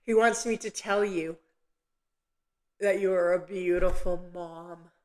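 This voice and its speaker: A woman hosting a live psychic medium session, talking gently and haltingly with many pauses and restarts. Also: lowish voice, fairly even intonation. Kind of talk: live online reading.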